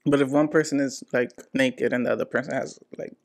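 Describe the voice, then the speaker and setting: A man's voice: mid-range voice, fairly even intonation, a little fast, creaky. A man, hosting a casual, joking, slang-heavy chat.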